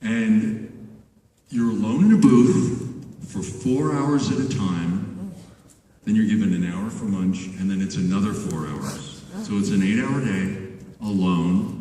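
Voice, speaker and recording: A man in his sixties, a voice actor guest at a convention panel, telling animated stories about studio work with laughs and acted-out exchanges, recorded from far off in a large hall. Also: on the low side, a little slow, slight background noise. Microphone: handheld camera far from stage.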